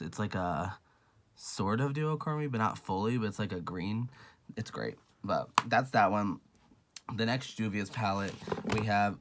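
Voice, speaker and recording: A man hosting a casual makeup review vlog, sassy and gushing, calling viewers honey and girl and swearing freely. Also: on the low side. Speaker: beauty vlogger.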